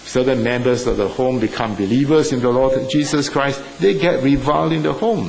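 A male preacher speaking at a mid pitch, earnest and halting, dotting his sentences with fillers and lifting his voice for emphasis. A faint hiss of background noise sits under the recording. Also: vocal fry, a little mellow, rough recording. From Singapore or Malaysia. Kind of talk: sermon.

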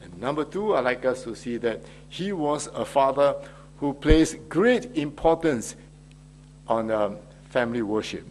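A man preaching a Father's Day sermon as pastor, in a measured delivery with frequent hesitations. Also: medium pitch, lively intonation, a little mellow, slight background noise.

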